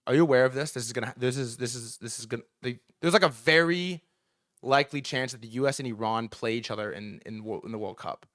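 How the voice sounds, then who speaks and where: A young man hosting a livestream, telling a story in an excited, rambling way, his voice a bit sore from screaming. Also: mid-range voice, fast. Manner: breathless, rambling, lots of "bro" and restarts. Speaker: livestream host.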